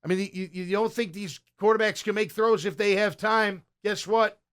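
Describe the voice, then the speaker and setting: A middle-aged man with a fairly high voice talks through game film as a casual play-by-play. He is excitable and blunt, with loud bursts of praise and quiet muttered asides. He sounds like a sports show host chatting. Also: normal speed, smooth.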